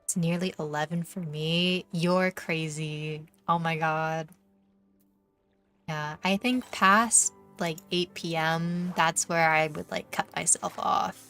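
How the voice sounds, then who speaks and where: Laid-back Canadian woman streamer, slow talk. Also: low-pitched, fairly even intonation, fairly bright tone. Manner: chatty, teasing, filler-heavy. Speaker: VTuber streamer. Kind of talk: casual chat with viewers while gaming. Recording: faint background music.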